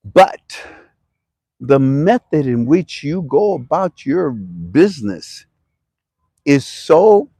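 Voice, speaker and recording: A man from Ohio, talking to camera about currency in a rambling, animated way and sometimes shouting for emphasis. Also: fairly high pitch, slow pace, pauses often, breathy edge, no room sound. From Toledo, Ohio. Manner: animated, shouts for emphasis, talks to himself in two voices. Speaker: currency commentary vlogger. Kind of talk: casual rambling talk to camera.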